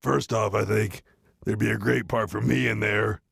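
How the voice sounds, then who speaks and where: A man playing a chummy, pushy schemer who wants a bigger part, in his own rough voice. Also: on the low side, steady tone, moderate pace, a bit bright, dry recording, clean studio sound, full character voice. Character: pushy male schemer Iago angling for lines.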